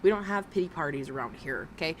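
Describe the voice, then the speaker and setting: A woman's voice: deep voice, animated, fast talker, slight background noise. Blunt, mocking woman commentator. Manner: mocking, blunt, swears freely. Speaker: commentary host. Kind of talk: reaction commentary.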